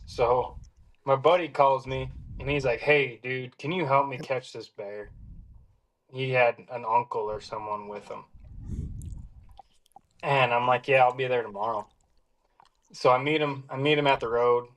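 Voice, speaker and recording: A man telling a hunting story in a casual, lively way, acting out the lines he quotes. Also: mid-range voice, a little slow, long pauses. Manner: animated, acts out quoted lines. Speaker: hound hunter telling a story.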